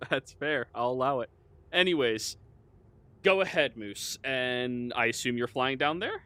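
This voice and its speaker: A man running a tabletop game as dungeon master, describing the scene in halting, descriptive narration. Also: mid-range voice, lively intonation, sharp tone, dry recording.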